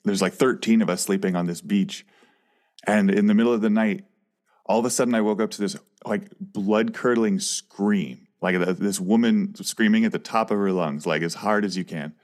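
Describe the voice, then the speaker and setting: A man co-hosting a comedy podcast, telling casual, rambling stories with animated retelling and plenty of swearing. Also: on the low side, normal speed. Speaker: podcast co-host.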